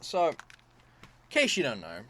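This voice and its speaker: Bright-voiced British man rambling earnestly. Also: a little high, wildly swooping pitch, measured pace. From Britain. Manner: rambling, earnest, many fillers and restarts. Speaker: reaction video host. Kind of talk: casual reaction commentary.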